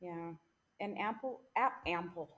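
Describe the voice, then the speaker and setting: A woman's voice: fairly low pitch, a little slow, fairly bright tone. A woman co-hosting a casual podcast, presenting the case and teasing her co-host. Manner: playful, teasing, jokey. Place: small home podcast room.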